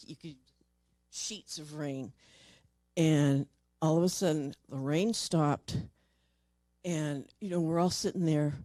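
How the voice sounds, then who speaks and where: Older woman, mellow voice, halting emotional storyteller, dry close sound. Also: low voice, no echo. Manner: halting, repeats words, voice drops soft in tender moments. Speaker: paranormal investigator.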